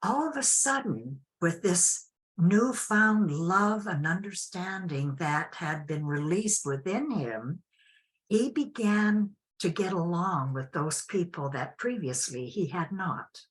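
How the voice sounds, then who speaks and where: An older woman telling a personal story as an interview guest, unhurried and reflective with frequent restarts. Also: on the low side, animated.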